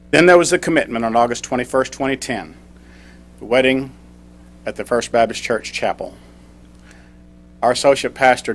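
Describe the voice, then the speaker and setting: A middle-aged man stands before a small club and tells a personal story in a prepared speech. His voice sits at an ordinary middle pitch, and he slows down for the lines he reads aloud. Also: slight background noise. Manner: storytelling, reads a poem slowly. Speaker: club speaker.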